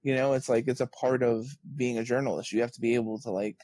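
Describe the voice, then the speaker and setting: Male podcast guest, animated storyteller, dry close sound, mid pitch. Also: fast, no echo. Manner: animated storyteller, acts out quoted exchanges. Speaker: interview guest, author. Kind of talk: casual podcast conversation.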